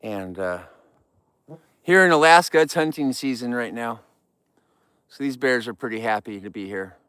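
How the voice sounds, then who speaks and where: A man's voice: medium pitch, expressive, moderate pace, fairly bright tone, smooth, no echo. A man hosting a casual live vlog outdoors, talking straight to viewers in an upbeat, rambling way. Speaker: outdoor livestream host. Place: outdoors in the wild.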